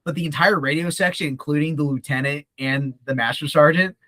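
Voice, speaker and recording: A young man telling a profane, animated story in casual talk, often acting out the voices of others. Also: on the high side, a little fast, no echo. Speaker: podcast guest.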